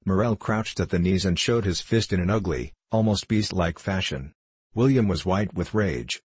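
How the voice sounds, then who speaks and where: A man narrating a classic novel in a steady, measured storytelling voice. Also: low-pitched, slightly rough, no echo. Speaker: audiobook narrator.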